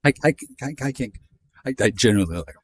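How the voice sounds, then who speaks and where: A man in his fifties vlogging outdoors, rambling in a profane, sardonic way with sudden jumps in pitch. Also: animated, fast, no echo. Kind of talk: rambling monologue while walking. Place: outdoors in a neighborhood.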